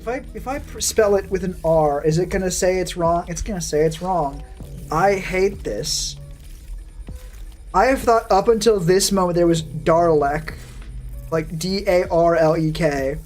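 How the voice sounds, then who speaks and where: A streamer talks loosely with their live chat and answers viewers as comments come in. The delivery is sardonic and rambling, full of profanity, at a middling pitch. Soft music plays faintly underneath. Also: normal speed. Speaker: VTuber streamer.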